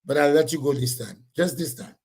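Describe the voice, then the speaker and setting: A man hosting a casual livestream, reading viewer comments and scolding them in a loud, blunt, repetitive way. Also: fairly high pitch, brisk, slightly rough.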